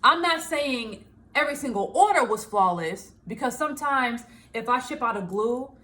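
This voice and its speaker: Woman, high voice, casual vlog talk, lively and laughing, plays out her inner thoughts. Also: moderate pace. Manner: animated, laughing, acts out her own inner voice. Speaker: small business owner and vlogger. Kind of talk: casual self-help talk to camera.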